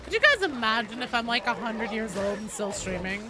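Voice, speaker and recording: Young woman streamer, casual and swear-prone, animated pitch, noisy recording. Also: brisk. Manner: chatty, reads and answers chat, swears casually. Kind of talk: casual live-stream chat while gaming. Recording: steady background noise behind voice.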